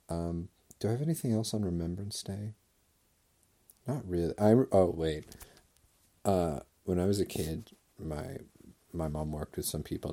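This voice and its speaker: A man's voice: low-pitched, vocal fry, warm tone, breathy edge. A man delivering a rambling, sarcastic comedic rant full of digressions.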